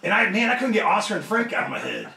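A wrestler appearing as an interview guest tells a profane story with lots of energy, imitating other people's voices. His voice is high, quick, and gravelly, and the recording is roomy and echoey, with him somewhat off-mic.

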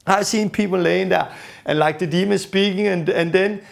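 Gravelly high-voiced male teacher. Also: steady tone, normal speed. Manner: storytelling, acts out the people he quotes. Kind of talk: teaching lesson.

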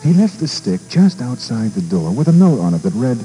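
A man, a radio disc jockey, reading a children's story aloud with an expressive delivery and small stumbles and repeats. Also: mid-range voice, fairly quick, hardly any pauses, soft background music, poor audio. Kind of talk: storybook narration.

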